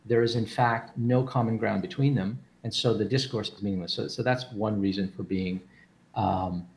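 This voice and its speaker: Man, low gravelly voice, casual explainer who stumbles and repeats words while he works out his point. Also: normal speed. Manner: thoughtful, with frequent restarts and repeated words. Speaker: speaker explaining philosophy.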